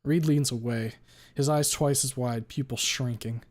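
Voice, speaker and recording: A man's voice: mid-range voice, fairly even intonation, measured pace, darkish tone. A man streaming a first-person story read-aloud, who occasionally stops to reread a line he stumbled on.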